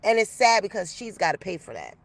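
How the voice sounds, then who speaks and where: Out in the rain, a woman with a mid-range, creaky voice speaks fairly quickly as she tells a story to her viewers. The YouTuber is chatty and animated, addressing her audience as y'all.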